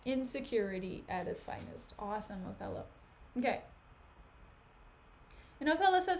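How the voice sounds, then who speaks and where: A woman's voice: fairly high pitch, sing-song, normal speed, creaky, long pauses. A young woman streaming, retelling a play in a chatty, gossipy way full of "like". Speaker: streamer reading a play aloud. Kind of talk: casual chat and retelling.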